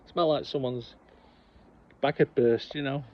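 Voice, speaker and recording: A man's voice: mid-range voice, fairly even intonation, moderate pace. A man casually telling funny childhood stories outdoors, laughing at his own tales. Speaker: vlog co-host. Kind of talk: casual storytelling vlog. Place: outdoors on a hot sunny day. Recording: slightly dull lo-fi sound with faint background ambience.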